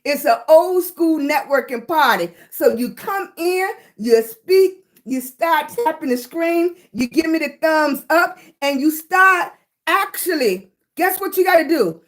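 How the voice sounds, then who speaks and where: An older woman from Virginia with a Southern accent, hosting a casual livestream and greeting viewers by name, calling them baby. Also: sits high. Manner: warm, drawling, greets chat by name with "baby". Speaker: livestream host.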